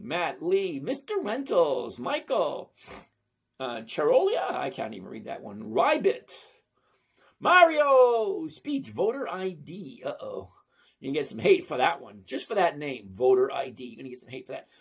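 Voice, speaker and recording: A man's voice: on the high side, creaky, husky. A man in his fifties hosting a casual live stream, chatty and jokey as he greets viewers one by one and teaches investing.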